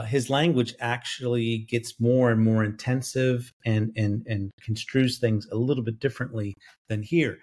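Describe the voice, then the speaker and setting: A man's voice: mid-range voice, darkish tone. A man co-hosting a Bible study podcast, lecturing on Greek grammar and thinking aloud with frequent fillers and self-corrections. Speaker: biblical scholar co-host. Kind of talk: academic bible study discussion.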